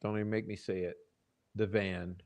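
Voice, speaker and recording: A man's voice: on the low side, flat delivery, moderate pace, vocal fry. Swearing, heated male stream host. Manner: swears often, shifts from loud outbursts to muttering. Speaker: channel host. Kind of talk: live-stream commentary. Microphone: desk microphone.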